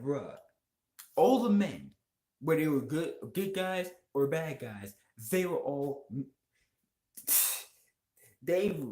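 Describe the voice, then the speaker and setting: A vlogger giving a heated, profane movie rant and talking straight to viewers, voice jumping higher when worked up. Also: a little mellow, roomy sound. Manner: heated, swearing, pitch jumps up when worked up; talks to viewers and chat directly. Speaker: video blogger.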